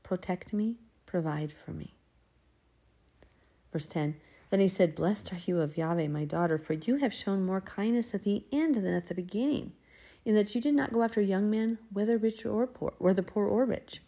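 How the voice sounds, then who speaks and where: Woman doing a laid-back bible study, reads a verse then chats about it, mellow lowish voice. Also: normal speed. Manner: reads verses aloud, then explains them chattily; acts out the figures' lines in an everyday voice. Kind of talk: casual scripture reading and commentary.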